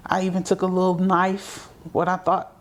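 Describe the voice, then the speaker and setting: A woman's voice: fairly low pitch, completely flat delivery, moderate pace, a little hiss or hum. A woman guest telling a personal story vividly, acting out the remembered dialogue as she goes.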